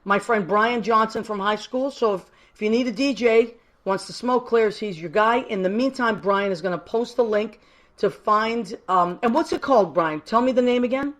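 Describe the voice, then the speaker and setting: A woman's voice: on the high side, moderate pace. A woman from Massachusetts hosting a live call-in show, chatty, effusive and affectionate, rambling a little as she goes. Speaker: host.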